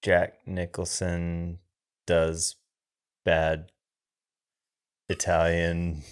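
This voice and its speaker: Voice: deep voice, completely flat delivery, extremely slow, clear, resonant tone. A podcast co-host in casual film chat, asking dry, teasing questions.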